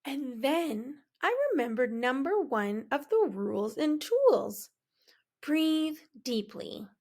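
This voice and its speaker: A woman reading a children's picture book aloud in a slow, expressive, dramatic way. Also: high-pitched. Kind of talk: storybook read-aloud.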